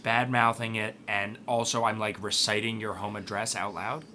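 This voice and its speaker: Male podcast co-host with a bright edge, casual joking delivery, light noise behind. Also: on the low side, little pitch movement, normal speed. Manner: wry, profane, joking.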